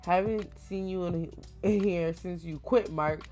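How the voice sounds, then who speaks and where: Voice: medium pitch, measured pace, a little mellow, soft background music, pitched above the performer's own voice, natural voice. A reader voicing a snide, confrontational male ex-boss who taunts in a raised voice. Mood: taunting.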